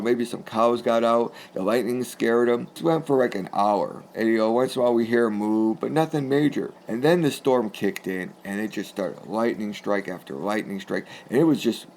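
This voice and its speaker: A man from New England recounts a personal story in loose, rambling, conversational speech. His voice has a gravelly, creaky grain, and he chuckles often while telling it. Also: mid-range voice, darkish tone, slight background noise. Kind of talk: casual spoken anecdote.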